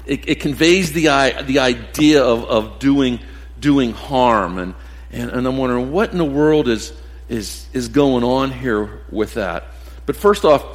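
Brief: man preaching a sermon, restarts and repeats phrases, long church-hall reverb. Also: mid-range voice. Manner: repeats words and restarts phrases, direct address to the congregation.

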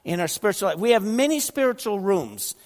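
A man's voice: high-pitched, very animated, a little fast, a little mellow. Older male pastor preaching in an echoing hall. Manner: conversational, repeats words, asks the audience questions. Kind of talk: sermon with slides.

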